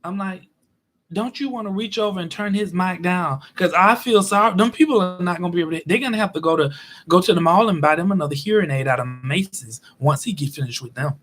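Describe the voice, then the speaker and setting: A man telling a story in a chatty, animated way as a vlog host. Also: sits high, fast. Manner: animated, chatty, acts out quotes. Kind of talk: casual storytelling monologue.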